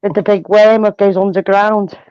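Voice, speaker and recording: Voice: medium pitch, fairly even intonation, normal speed, smooth. Voice throwing in blunt little comments, muffled audio. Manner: short blunt interjections, crude. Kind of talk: casual chat on a live stream.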